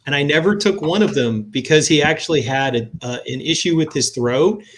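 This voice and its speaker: High-voiced man telling a story. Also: fairly quick, slight background noise. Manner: anecdotal, self-deprecating. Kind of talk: casual chat on a group stream.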